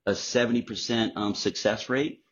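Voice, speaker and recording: A man guest on a podcast, telling candid, profane stories in a casual, animated way. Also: lowish voice, normal speed, slightly rough. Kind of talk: casual storytelling. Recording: dull lo-fi sound.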